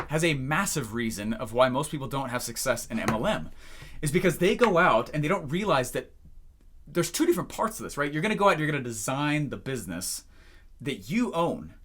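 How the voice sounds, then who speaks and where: A young man coaching on business, telling stories and acting out the phone calls as he goes. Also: on the high side. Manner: animated storyteller who acts out phone calls. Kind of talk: energetic talking-head lesson.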